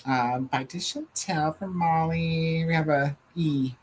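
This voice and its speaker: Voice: mid-range voice, takes it slowly, slight background noise. A co-host with a Southern US accent chats casually on a live reading stream, laughing often and reading viewer comments aloud. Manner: giggly and playful, drawling, laughs often.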